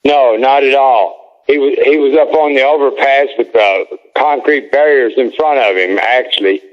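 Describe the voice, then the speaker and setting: A man's voice: mid-range voice, moderate pace. A man calling into a talk radio show, hesitant and restarting his sentences. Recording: dull caller line.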